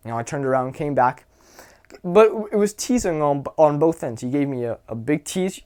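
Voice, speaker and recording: A young man with a somewhat high voice talks through dating advice in a relaxed, unscripted way. He swears freely and keeps slipping into quoted lines from his own stories. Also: a little fast. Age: young adult. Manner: loose and profane, acts out anecdotes with quoted voices. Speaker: social skills coach. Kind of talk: casual advice monologue.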